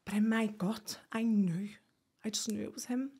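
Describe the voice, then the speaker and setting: Husky woman recounting. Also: mid-range voice, mellow. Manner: halting, with restarts and quoted speech. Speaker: guest. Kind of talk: emotional personal account.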